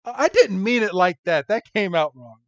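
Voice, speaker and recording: A man hosting a podcast, recapping a cartoon episode in a casual, giggly, animated way. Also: sits high, normal speed, dry recording, dull audio. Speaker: podcast host.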